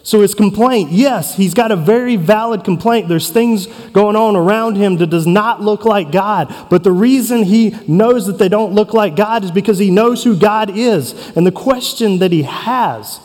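A man preaching a sermon as pastor, earnest and emphatic, with dramatic pauses between phrases. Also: sits high, a little mellow. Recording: long reverb of a hall.

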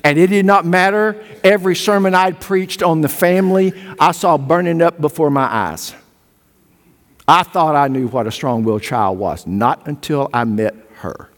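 An older male pastor preaching a sermon, swinging from loud emphatic peaks to hushed low storytelling. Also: moderate pace. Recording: long hall reverb.

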